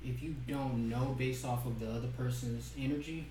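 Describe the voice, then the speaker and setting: A man's voice: medium pitch, fairly even intonation, moderate pace, warm tone, a little hiss or hum. A young man co-hosting a podcast, chatting casually with lots of filler words. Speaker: podcast co-host. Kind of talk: casual chat. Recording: roomy, distant from the mic.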